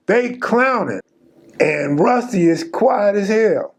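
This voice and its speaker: A man with a somewhat high-pitched voice tells a true story in a casual, unhurried way. His delivery is loose and slangy, full of street talk, like a channel host talking straight to his viewers. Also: lively intonation.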